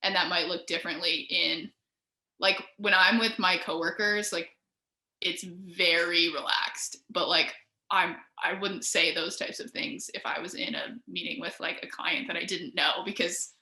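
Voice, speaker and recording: A woman co-hosting a casual panel chat from her couch over a video call, relaxed and agreeable, laughing easily. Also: lowish voice, unhurried, reverberant. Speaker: co-founder and co-host of a design panel. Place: home, sitting on a couch.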